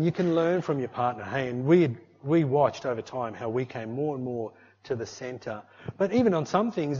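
Pastor preaching, muffled recording. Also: male voice, mid-range voice. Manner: animated, conversational preaching with tag questions. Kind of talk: sermon.

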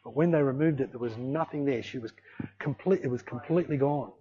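A man preaching a sermon, telling a story in an animated way and acting out the voices of the people in it. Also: mid-range voice, brisk, slightly rough. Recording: dull lo-fi recording.

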